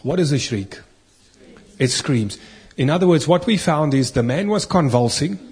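A man preaching with a husky, slightly raised voice. He reads scripture and presses his points with earnest rhetorical questions and emphatic repetition. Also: on the high side, expressive, normal speed, darkish tone. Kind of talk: sermon with scripture reading.

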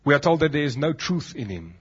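A man's voice: fairly high pitch, very animated, quick pace, slightly rough. A South African man preaching a sermon as pastor, emphatic, with dramatic drops in his voice, on a dull lo-fi recording.

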